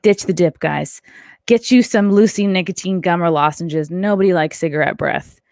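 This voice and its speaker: A woman's voice: on the low side, normal speed, a little mellow, no room sound, clean studio sound. A woman hosting her podcast and doing stand-up, chatting casually and reading sponsor ads, a little out of breath and laughing at her own slips. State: a bit out of breath. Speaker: podcast host and stand-up comedian.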